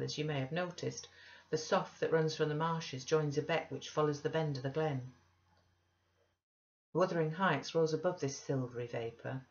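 A woman narrating a classic novel in a measured, even manner. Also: low voice. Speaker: audiobook reader. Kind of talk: classic novel read aloud. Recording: dull lo-fi recording.

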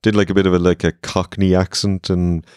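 A young Irish man co-hosting a wrestling podcast, dry and deadpan in his remarks. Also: low voice, a little fast, smooth, no echo. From Ireland. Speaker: podcast co-host. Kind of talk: casual wrestling chat.

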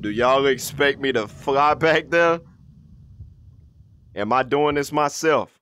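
A man giving casual, excitable commentary while playing a VR game, slangy and swearing freely. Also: medium pitch, slow pace. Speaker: VR gaming video host. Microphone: VR headset setup.

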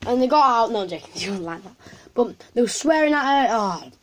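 Woman, fairly high voice, chatty vlog storytelling, rambling, lots of ums. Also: animated, brisk, a little hiss or hum. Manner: rambling, many fillers and restarts. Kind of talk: casual storytelling to camera.

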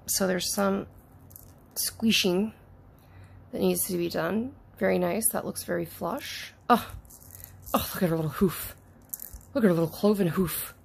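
A woman chatting casually as she unboxes toys, gushing and excitable, often talking to the toys and sometimes dropping into soft whispers. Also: lowish voice, a little slow, vocal fry, long pauses, slightly rough. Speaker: toy unboxing YouTuber.

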